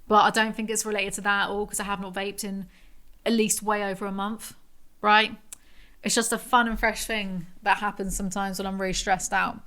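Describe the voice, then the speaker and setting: Young woman, podcast host, casual storytelling, mid-pitched voice, candid, rambling, full of fillers. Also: flat delivery, sharp tone. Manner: swings between quick asides and slow emphatic phrases.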